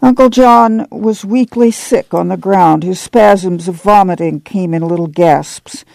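A man's voice: high voice, a little slow, creaky, a little mellow, no echo. A man reading a novel aloud, with drawled folksy dialogue. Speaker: audiobook narrator. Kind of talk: scripted narration with acted dialogue.

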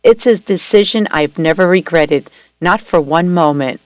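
A woman reading a first-person story aloud at a steady, gentle storytelling pace. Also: lowish voice, normal speed, dry recording. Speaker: story reader.

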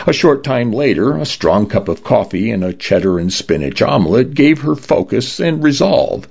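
A man narrating a story in a steady, expressive reading. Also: sits low, vocal fry, slightly rough, lo-fi sound.

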